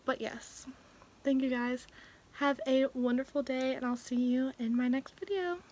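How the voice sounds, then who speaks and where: A young woman chatting casually through a clothing haul vlog at home, speaking softly and sometimes half-whispering so as not to wake her family. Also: sits high, fairly even intonation, measured pace, rough recording. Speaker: vlogger. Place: at home indoors.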